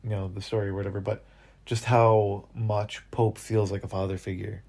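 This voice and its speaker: A man's voice: fairly low pitch, flat delivery, normal speed, gravelly, darkish tone. A man co-hosting a podcast, chatting in a laid-back way and often using "like" and "yeah". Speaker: podcast co-host. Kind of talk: casual episode recap chat.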